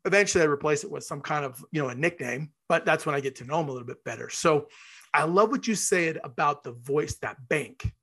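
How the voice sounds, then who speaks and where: A man's voice: fairly high pitch, brisk, pushed and bright, breathy edge. A man hosting an interview podcast who talks enthusiastically, rambles a little and acts out short scenes. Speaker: podcast host. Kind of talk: interview conversation.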